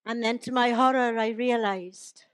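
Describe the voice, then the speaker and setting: Brief: older woman performing comic verse, chatty and teasing, fairly high voice, dry close sound. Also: fairly even intonation, a little slow, smooth, dry recording. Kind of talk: humorous poetry recital to a live audience.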